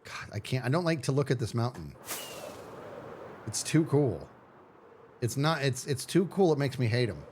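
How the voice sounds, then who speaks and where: A man's voice: mid-range voice, big pitch swings, normal speed, pauses often, darkish tone, a little hiss or hum. A man streaming live, chatting casually with his viewers in a playful, self-mocking way. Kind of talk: casual livestream chat.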